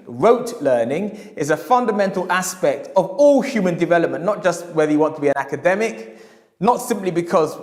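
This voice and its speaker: Emphatic male lecturer, echoey hall. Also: fairly high pitch. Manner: emphatic, repeats key phrases. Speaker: historian and lecturer. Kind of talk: storytelling lecture.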